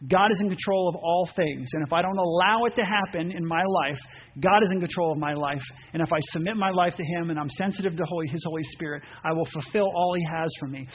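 Male preacher, sermon, high voice, dull muffled recording, faint hiss. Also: quick pace. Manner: animated, acts out voices and reads scripture aloud.

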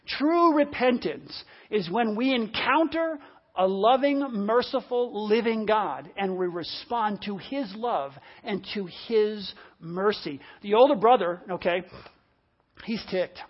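A man preaching a sermon, animated, acting out the lines of the story's characters. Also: high-pitched, slow pace, husky. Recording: dull lo-fi audio.

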